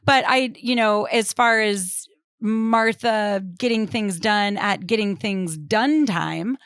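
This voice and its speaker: A woman's voice: mid-range voice, slow, a bit bright, clean tone, dry recording, clean studio sound. A middle-aged woman guesting on a podcast, chatting in a playful way and acting out little quotes. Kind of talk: casual chat.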